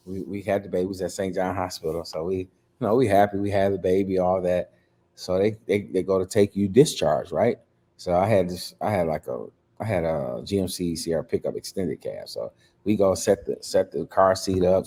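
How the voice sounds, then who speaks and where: Man, middle-aged, from Detroit, pastor, low voice, colloquial, animated storytelling. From Detroit, USA. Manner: animated storyteller who acts out quotes, colloquial. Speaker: pastor and guest. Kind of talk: casual storytelling interview.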